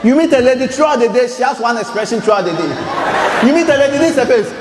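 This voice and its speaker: A man doing stand-up comedy with a Ghanaian accent, animated and shouting his punchlines while acting out characters. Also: very high-pitched, fast, background noise. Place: live stage before an audience. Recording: echoey hall, loud crowd.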